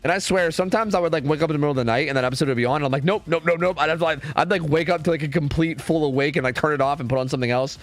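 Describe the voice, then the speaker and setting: A man's voice: a little high, very fast, hardly any pauses. A man chatting casually with his stream viewers, rambling and swearing a lot, full of fillers. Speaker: streamer and game caster.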